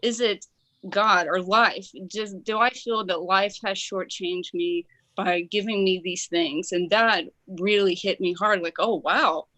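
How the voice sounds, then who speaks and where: Excited woman caller from Kentucky. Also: mid-range voice, measured pace, no echo, lo-fi sound. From Kentucky, USA. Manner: excited, tumbling, many fillers. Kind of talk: call-in sharing a personal story.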